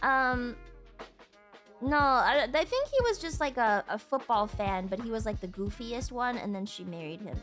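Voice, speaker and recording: A young woman streaming and chatting casually while crafting, animated and giggly, swearing casually. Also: fairly high pitch, moderate pace, faint music behind. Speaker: VTuber streamer.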